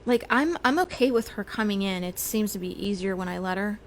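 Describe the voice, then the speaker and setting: This woman runs an informal spiritual livestream as a psychic medium, talking briskly at medium pitch with slight background noise. She's chatty and loose, scattering fillers and little laughs throughout.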